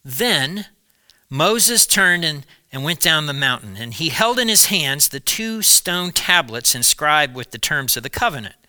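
A man preaching, retelling a Bible story in a lively storytelling way with small asides. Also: fairly high pitch, a little slow, clean tone, no echo.

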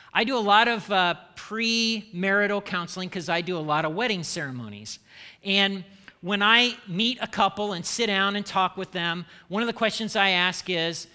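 A man's voice: sits high, sharp tone. An American man preaching a conversational sermon as a pastor, teasing and joking with his congregation. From United States. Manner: conversational, playful, teasing the audience. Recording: long hall reverb.

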